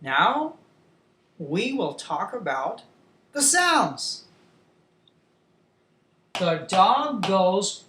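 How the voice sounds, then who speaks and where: A woman teaching a beginners' English lesson to young children, slow and clear, with playful animal sounds. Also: mid-range voice, big pitch swings, fairly bright tone, slight background noise. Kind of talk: demo lesson for young learners. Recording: echoey room.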